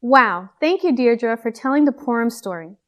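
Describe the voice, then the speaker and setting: A woman's voice: on the high side, expressive, normal speed, a bit bright. A woman hosting an online program, upbeat and welcoming as she introduces the next guest. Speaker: host.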